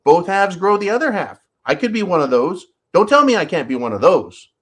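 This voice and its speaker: A man's voice: sits high, sing-song, brisk. A man putting on a brash, mocking crank caller. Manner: loud, cocky, sarcastic, profane. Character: brash mocking male caller demanding benefits.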